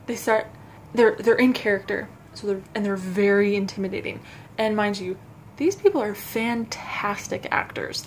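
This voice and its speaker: Halting, self-conscious young woman vlogger. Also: mid-range voice, slight background noise. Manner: halting and self-conscious, frequent restarts and stutters. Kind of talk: casual personal storytelling to camera.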